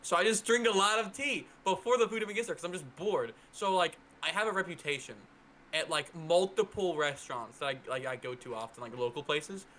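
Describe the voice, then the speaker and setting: Rambling bright-voiced man telling stories. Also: a little high, fairly quick, slight background noise. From North Carolina. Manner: rambling storyteller, lots of "like", does excited voices for people he quotes. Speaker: podcast co-host. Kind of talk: casual chat.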